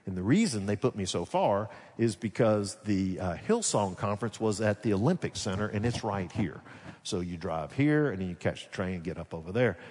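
Southern alabama preacher guy, storytelling sermon, loud then hushed, long hall reverb. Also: on the low side, animated, normal speed. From Alabama, USA. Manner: conversational storytelling, swings between loud and hushed. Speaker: pastor. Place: large church sanctuary.

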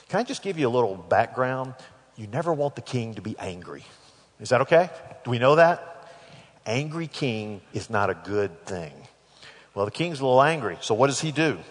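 A man preaching a sermon, dramatically acting out scripture dialogue with big swings in loudness. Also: medium pitch, slightly rough. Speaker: pastor. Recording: echoey hall.

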